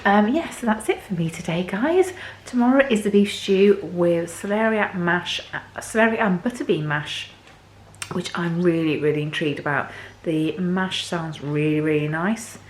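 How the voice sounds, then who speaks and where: A woman vlogging casually to camera in her home kitchen, chatty and a little hoarse. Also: normal speed. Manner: chatty, talks to her dogs in a high sing-song voice. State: voice a bit hoarse. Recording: echoey kitchen, faint background noise.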